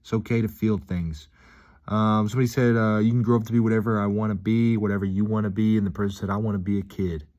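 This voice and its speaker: A man with a low, deep voice rambles through a casual vlog, upbeat and reflective. He drifts between thoughts with frequent pauses. He is talking from a gym. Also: little pitch movement, a little mellow. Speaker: vlogger.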